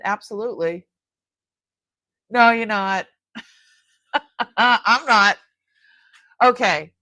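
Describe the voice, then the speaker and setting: Slow-talking chatty woman, dry close mic. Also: medium pitch, sharp tone, no room sound. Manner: chatty, laughs often, trails off mid-sentence. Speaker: host of a live jewelry sale. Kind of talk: casual live-stream chat.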